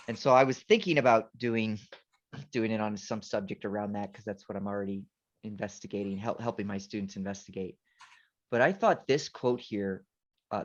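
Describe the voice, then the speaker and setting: A man teaching a class over a video call, talking loosely through his slides and often restarting his sentences. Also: lowish voice. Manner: rambling, self-correcting, frequent restarts. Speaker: teacher giving a presentation. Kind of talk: informal talk with slides. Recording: dull lo-fi video call audio.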